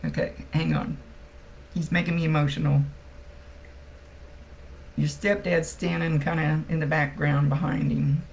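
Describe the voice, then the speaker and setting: A woman psychic medium gives a casual live-streamed reading, chatty and blunt, and swears without a second thought. Her voice has a gravelly, fried edge, and it sits over a faint background hiss. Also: deep voice, level tone, unhurried, long pauses, a little mellow, low-quality recording. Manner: chatty, thinks aloud.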